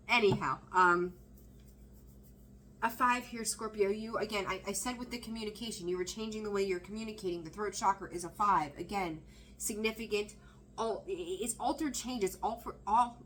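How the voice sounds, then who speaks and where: An excitable woman talks through a tarot reading in a loose, chatty way, often breaking off mid-thought and laughing. Her voice sits at an ordinary middle pitch. A faint hiss of background noise runs under her. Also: poor audio. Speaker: tarot reader. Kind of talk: casual tarot reading to camera.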